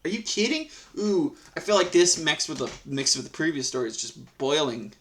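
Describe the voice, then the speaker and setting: Brief: slightly high-voiced man, heated profane rant, rambling restarts, casual reaction commentary. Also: big pitch swings, a little fast, a little hiss or hum. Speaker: Reddit story reader and commentator.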